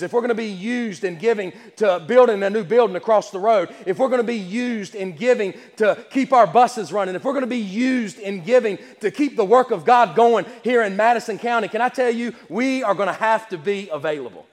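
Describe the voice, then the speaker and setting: A man's voice: high-pitched, fairly quick, few pauses. A man preaching a sermon in a church, with rhythmic phrasing, repeating key lines and reading scripture aloud. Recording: long echo of a church hall.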